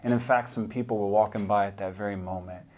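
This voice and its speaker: A man's voice: fairly low pitch, steady tone, quick pace. Earnest man telling a testimony. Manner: earnest, hushed when moved, vivid retelling. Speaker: speaker sharing a testimony. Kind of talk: personal testimony storytelling.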